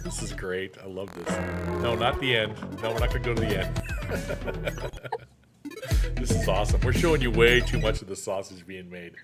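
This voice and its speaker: A middle-aged man hosting a casual chat show, joking and laughing as he talks. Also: mid-range voice. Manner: chatty, joking, laughs often. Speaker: show host.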